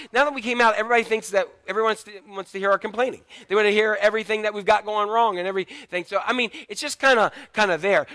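Bright, high-voiced man preaching. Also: no echo. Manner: animated storytelling with humor. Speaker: pastor. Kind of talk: sermon.

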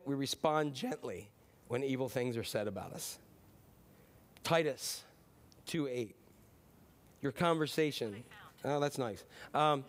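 A man in his fifties preaching a sermon in a conversational, joking way, slipping into quick impressions. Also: medium pitch. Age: 50s. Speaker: pastor.

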